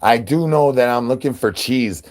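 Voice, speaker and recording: A man's voice: mid-range voice, moderate pace, a little mellow. A man hosting a livestream, rambling in goofy nonsense wordplay and chants. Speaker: livestream host.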